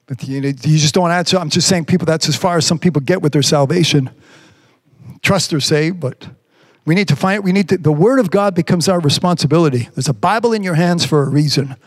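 High-voiced man preaching a sermon. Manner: preaching, reads scripture slowly, rises in pitch when emphatic. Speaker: pastor. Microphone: remote stream from a device on batteries.

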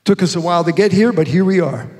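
A man preaching a sermon to a congregation, asking rhetorical questions and reading scripture slowly with emphasis. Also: high voice, a little mellow. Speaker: pastor. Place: church hall. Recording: long reverb from a large hall.

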